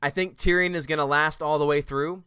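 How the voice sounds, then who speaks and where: Male livestream host, slightly high and smooth voice, chatty and quick to laugh while reading chat. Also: steady tone, bright, forceful tone, no room sound, clean studio sound. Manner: chatty, laughs often, reads chat comments aloud.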